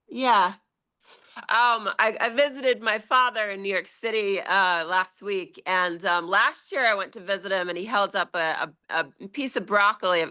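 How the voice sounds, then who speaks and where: A woman with a bright, forward voice chats casually over a video call. She talks freely, full of fillers and easy laughter, and speaks at a middling pitch. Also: smooth. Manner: chatty, frequent laughs and fillers. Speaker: meeting participant. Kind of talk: casual group conversation.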